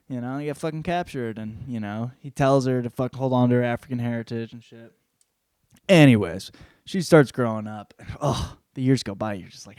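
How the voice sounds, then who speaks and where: Casual young male podcast host, swears constantly, lively retelling, mid pitch, dry close sound. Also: smooth, no echo. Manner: swears constantly, animated retelling with quick voice switches. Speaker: podcast host reviewing a book. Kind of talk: casual profane book recap.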